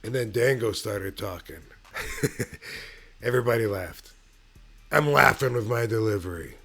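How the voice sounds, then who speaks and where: Slow, gravelly man telling a story. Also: lowish voice, animated, bright, forceful tone, soft background music. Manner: unhurried, laid-back, with frequent pauses and fillers. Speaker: channel host. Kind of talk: casual personal storytelling.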